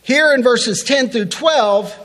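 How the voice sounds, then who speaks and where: A man preaching a sermon in a very high voice, taking his time over each phrase. He stresses his points with rising emphasis and reads scripture aloud. His voice rings out with a long reverb, as in a church hall. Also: takes it slowly, fairly bright tone. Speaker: pastor.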